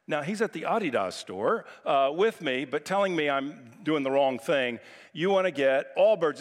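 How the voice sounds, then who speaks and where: Man preaching in a reverberant hall. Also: on the high side. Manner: conversational, humorous storytelling. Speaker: pastor. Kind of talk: sermon.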